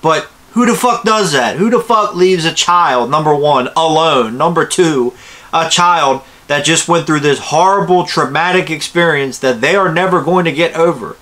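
Male movie ranter: sarcastic, profane, slightly high and sharp-toned. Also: moderate pace. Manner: profane, sarcastic, swings from loud to muttering. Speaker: movie reviewer. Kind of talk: ranting movie commentary.

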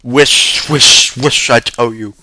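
A man's voice: mid-range voice, moderate pace, fairly bright tone, smooth, no echo, lightly acted. A man playing a whining, self-pitying father. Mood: defensive whining. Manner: hissing, whining, defensive. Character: sheepish, self-pitying father caught drinking.

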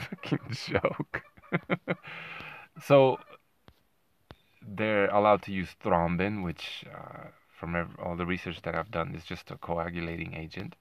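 Male commentator, very deep gravelly voice, combative and sarcastic, dry close sound. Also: a little slow, pauses often, no echo. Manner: combative, sarcastic, keeps asking "right?". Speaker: boxing commentator. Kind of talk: ranting commentary to camera.

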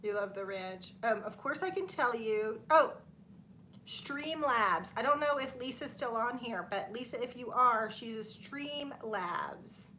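Bright chatty woman hosting a livestream. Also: fairly high pitch, animated, a little slow, a little hiss or hum. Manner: chatty, reads viewer comments aloud, laughs often. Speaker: livestream host chatting with viewers. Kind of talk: casual live chat.

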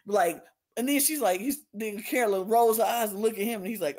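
A woman co-hosting a podcast in a casual recap chat, indignant and venting, acting out the quotes she retells. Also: brisk. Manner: animated, acts out quotes with big pitch jumps. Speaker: podcast co-host.

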